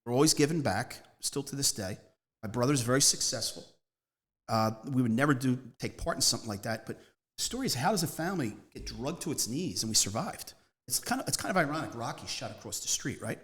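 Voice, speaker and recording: A man, speaking at a mid-range pitch for a man. He tells his story as a guest in a loose, rambling way, leaning hard on key words and hopping from one anecdote to the next. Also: animated, a little fast, fairly bright tone. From Northeast Philadelphia. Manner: rambling, emphatic, jumps between stories. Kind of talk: casual storytelling interview.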